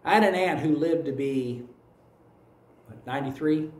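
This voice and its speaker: Heard from afar in the echo of a church sanctuary, a Kentucky-accented American pastor speaks at normal speed in a slightly high voice. His sermon is built on folksy stories and repeated phrases.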